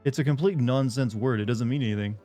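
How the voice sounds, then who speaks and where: A man's voice: mid-range voice, quick pace, mellow, faint music behind. A man streaming a game, chatting in a rambling way with casual asides.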